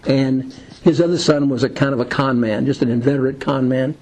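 A man's voice: mid-range voice, steady tone, fairly quick, a little mellow, low-quality recording. A man leading a Bible study lesson in a conversational, rambling way, with many fillers and film scenes retold as illustrations.

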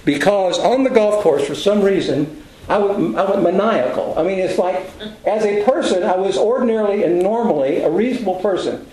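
A man's voice: high voice, moderate pace, dark tone, roomy sound, low-quality recording. An older man teaching a Bible class, telling self-deprecating stories in a folksy, conversational sermon.

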